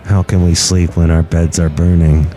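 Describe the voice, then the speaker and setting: A man voicing a male engineer in a slow, low, droning delivery. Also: flat delivery, dark tone, soft background music, natural voice.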